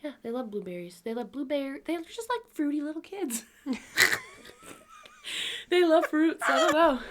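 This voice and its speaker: A woman's voice: high-pitched, very animated, unhurried, long pauses, fairly bright tone, slight background noise. A young woman co-hosting a podcast, chatting casually, giggling often and swearing offhandedly. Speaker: podcast co-host. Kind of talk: casual chat.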